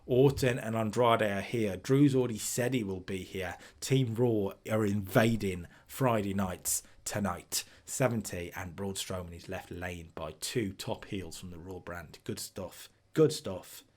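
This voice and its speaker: A man's voice: lowish voice, measured pace, few pauses. A man casually talking through a wrestling booking game, recapping each segment and reading out its ratings. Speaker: streamer booking a wrestling sim.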